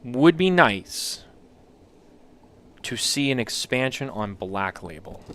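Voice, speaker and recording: A man co-hosting a casual talk show, telling animated, rambling anecdotes. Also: medium pitch, takes it slowly. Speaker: podcast co-host. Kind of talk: casual chat, storytelling.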